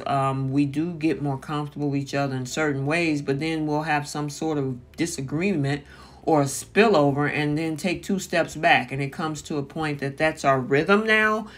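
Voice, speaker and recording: A host giving a casual spoken recap of a reality TV episode, paraphrasing what the cast said and filling pauses with "um" and "you know". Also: medium pitch. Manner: chatty, paraphrasing with frequent fillers.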